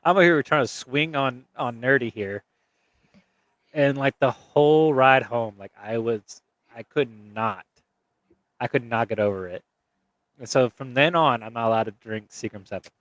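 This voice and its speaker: A man on a podcast, mid-pitched, spinning a long, rambling story full of swearing and laughter. He sounds close and dry, with no room behind him. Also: moderate pace, a bit bright, no room sound. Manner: rambling, profane, laughs through his story. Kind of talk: casual storytelling chat.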